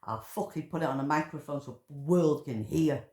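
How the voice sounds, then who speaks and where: A woman's voice: low voice, moderate pace, warm tone. Furious swearing woman, echoey room. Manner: furious, swearing, emotional outbursts. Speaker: vlogger commentator. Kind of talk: angry ranting commentary.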